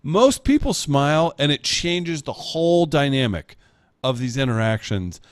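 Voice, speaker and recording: A man's voice: fairly high pitch, lively intonation, unhurried, no echo. Young guy cohost, joking around, voice jumps all over, dry close mic. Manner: wry, joking, reads audience questions. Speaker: co-host. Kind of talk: casual podcast chat.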